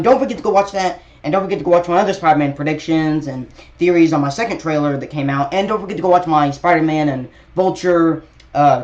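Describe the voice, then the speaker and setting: A young man chats his way through a trailer breakdown for his channel, stumbling and restarting as he goes. His voice sits a little high. The recording is muffled and lo-fi. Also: a little mellow. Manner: rambling, many fillers and restarts. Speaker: YouTube trailer reviewer.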